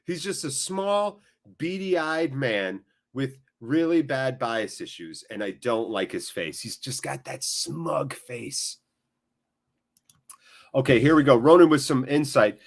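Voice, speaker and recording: An American man hosting a live football watchalong. He jokes and chats with viewers between quick play-by-play. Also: mid-range voice. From United States. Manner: jokey, animated, quick play-by-play. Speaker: watchalong host.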